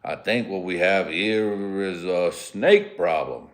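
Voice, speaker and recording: A calm, deliberate older man drawls each word , as a man puts him on. The voice sits slightly lower and moves slowly.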